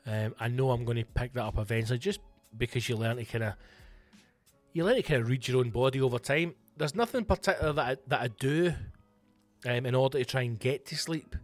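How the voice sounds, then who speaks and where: A Scottish man in a mid-pitched voice runs his comedy podcast alone, talking straight to the listeners. He swears freely and puffs himself up into a mock-grand tone as he answers their questions. Faint music sits under his voice. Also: fairly quick, no echo. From Scotland.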